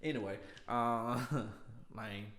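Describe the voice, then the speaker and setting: A man's voice: mid-range voice, little pitch movement, takes it slowly, roomy sound, background noise. A man co-hosting a casual podcast, joking and playful, throwing in catchphrases and sound effects. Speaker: podcast co-host.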